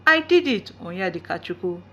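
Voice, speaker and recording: A woman's voice: mid-range voice, sing-song, brisk. A woman voicing an old grandmother who mutters a tearful confession. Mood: remorseful. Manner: muttering, pleading.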